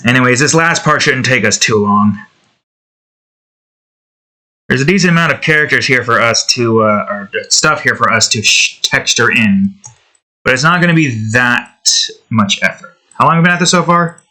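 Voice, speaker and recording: Bright-voiced man rambling while he draws. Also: medium pitch, animated, normal speed. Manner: rambling and chatty, with many fillers and asides. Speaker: digital artist and channel host. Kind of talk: casual rambling commentary while drawing. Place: at home indoors, with his cat nearby.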